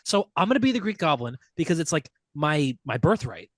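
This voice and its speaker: A young man with a highish voice hosts a podcast, talking fairly quickly and very animatedly on a dry recording. He chats casually, tells stories, and swears freely.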